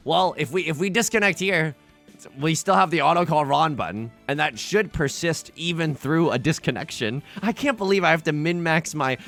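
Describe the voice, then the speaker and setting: A man's voice: medium pitch, vocal fry, a bit bright. A young man hosting a let's play, chatting casually over his game in a rambling, self-interrupting way.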